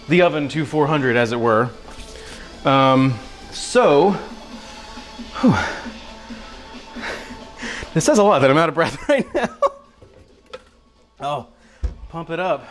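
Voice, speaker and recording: A young man with a fairly high, expressive voice hosts a casual cooking livestream, joking and chatting with viewers in the chat as he cooks. He speaks slowly with frequent pauses, and soft music plays in the background.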